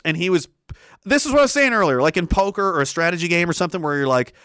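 Man, livestream host, swears a lot, rambling, emphatic, slightly high voice, dry close mic. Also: lively intonation, quick pace, a bit bright, clear, resonant tone, dry recording. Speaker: livestream host reading chat. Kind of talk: casual livestream rant.

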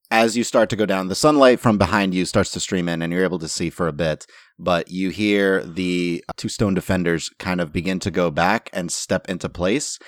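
A man with a very low voice guides players through a tabletop game as its game master. He sets scenes in a measured, descriptive way. The sound is dry and close. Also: no room sound. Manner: descriptive, unhurried scene-setting.

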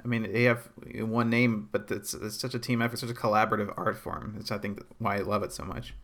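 A man interviewing, answering in casual talk with quick, agreeable interjections, heard from some distance. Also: on the low side, fairly even intonation, fairly bright tone.

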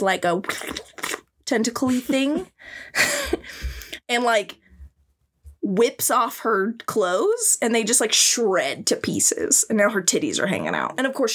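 A young woman hosting a podcast, giving a crude, sarcastic and giggly recap of a cartoon. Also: mid-range voice. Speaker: podcast host. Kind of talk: casual comedic recap.

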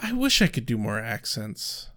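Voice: medium pitch, very animated, normal speed, fairly bright tone. A podcast co-host summarizing a TV episode with dry, wry asides. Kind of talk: casual chat recapping a TV episode.

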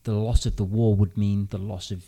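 A man's voice: lowish voice, level tone, moderate pace, vocal fry, warm tone, husky. British man casually telling a story. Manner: storytelling, thinking aloud with restarts. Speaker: podcast host. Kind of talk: casual chat.

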